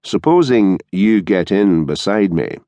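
A man voicing an impassive, wealthy man who speaks in a flat, controlled way. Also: deep voice, a little slow, dry recording, muffled recording. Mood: calm.

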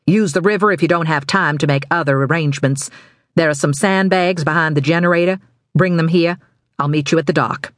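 A woman's voice: low voice, fairly quick, dry recording, studio quality, natural voice. A woman voicing a ruthless, impatient crime boss who gives clipped, commanding orders in an audiobook.

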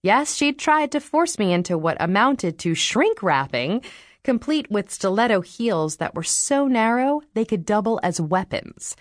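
A woman narrating an audiobook in the first person, reading in a wry, expressive way into a studio microphone. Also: medium pitch, measured pace, dry recording.

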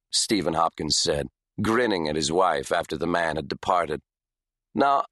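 A man narrating an audiobook thriller in an even, measured storytelling manner. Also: on the low side, dry recording, clean studio sound. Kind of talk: scripted narration.

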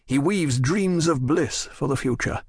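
A man's voice: a little high, unhurried, slightly rough, dry recording, clean studio sound. A man voicing a dignified older nobleman and father who pleads in courtly, earnest speech in an audiobook.

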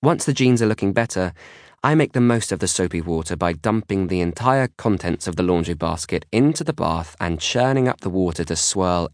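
A man narrating a children's audiobook in a steady storytelling reading, recorded close on a studio microphone. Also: sits low, no echo. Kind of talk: scripted narration.

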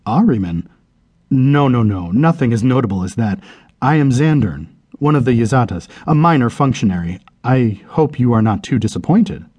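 A man's voice: mid-range voice, lively intonation, moderate pace, a little mellow, breathy edge, dry recording. A male audiobook narrator voicing a courteous, bureaucratic demon who works as a minor functionary in hell. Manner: courteous, mildly apologetic, matter-of-fact. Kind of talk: audiobook character reading.

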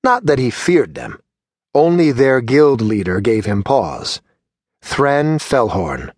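A man's voice: medium pitch, slightly rough, dry recording. Man narrating a fantasy audiobook, dry voice. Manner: measured, steady storytelling. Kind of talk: scripted narration.

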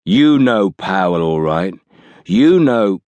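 A man's voice: deep voice, big pitch swings, slow pace, a little mellow, no room sound, muffled recording, exaggerated voice. A man voicing a frightened, sullen male thug who whines and breaks into panic.

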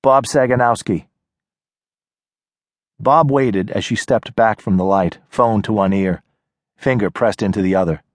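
A man giving measured scripted narration of a short story in an audiobook, on a close studio mic. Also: on the low side, no echo.

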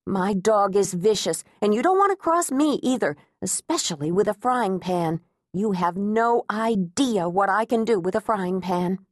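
A woman's voice: medium pitch, animated, unhurried, no echo, studio quality. A woman voicing a feisty, frightened woman who talks back sharply and defiantly. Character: feisty frightened woman defending her home.

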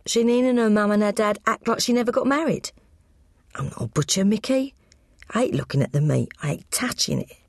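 A woman's voice: mid-range voice, animated, brisk, no echo, studio quality, pitched above the performer's own voice. Woman voicing a downcast young husband. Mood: dejected. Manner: quiet, dejected. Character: unhappy young London husband, soft-spoken.

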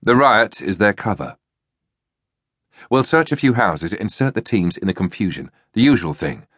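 A man voicing a brisk, ruthless upper-class army officer with a plummy voice, in an audiobook. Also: lowish voice, big pitch swings, a bit bright, no room sound, studio quality.

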